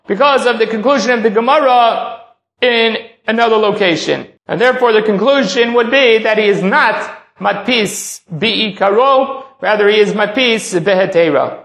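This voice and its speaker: A man's voice: sits high, a bit bright. A man teaching a text-study class, reading a passage aloud and then explaining it step by step. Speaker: Talmud teacher. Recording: echoey room.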